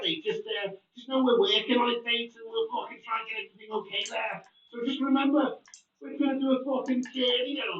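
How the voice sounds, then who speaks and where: Man playing a foul-mouthed Scouse pilot, high and pushed, roomy distant dull sound. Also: fairly bright tone. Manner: swearing, slow cabin announcements. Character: crude male Scouse airline captain.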